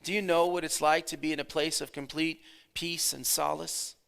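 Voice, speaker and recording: A pastor in his thirties giving a conversational sermon, dropping his voice low and then swelling for emphasis. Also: flat delivery, normal speed, creaky, fairly bright tone.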